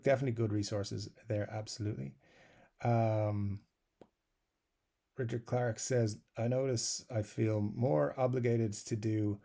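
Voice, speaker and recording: A man's voice: mid-range voice, vocal fry, dark tone. A man hosting a live guitar stream, reading out viewer comments and answering them in a loose, rambling way with lots of fillers and chuckles. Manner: rambling, self-described waffler, many fillers. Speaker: guitar channel host.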